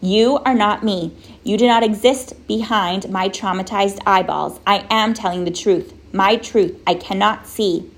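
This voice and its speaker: A woman's voice: mid-range voice, a little slow, hardly any pauses, lightly acted. A woman voicing a fussy, dramatic boy who speaks in a pompous, overly precise way. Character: fussy, dramatic boy fond of big words.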